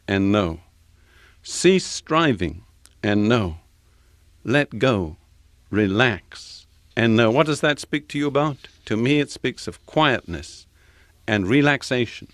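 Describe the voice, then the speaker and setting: Older British male Bible teacher, measured sermon pace, dry close mic. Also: mid-range voice, fairly bright tone, no echo. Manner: slow, measured delivery with deliberate pauses; reads scripture with solemn emphasis.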